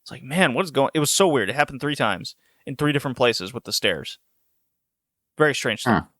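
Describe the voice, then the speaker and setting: A man hosts a casual podcast and chats animatedly, with frequent laughs. His voice is mid-pitched and bright. The sound is dry, with no room echo. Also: animated, brisk. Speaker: podcast host. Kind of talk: casual chat.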